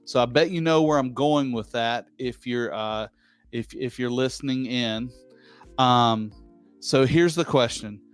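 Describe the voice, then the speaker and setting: A man hosting a casual chat, joking around and reading out a listener's question slowly with many pauses. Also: medium pitch, smooth, faint music behind. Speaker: host.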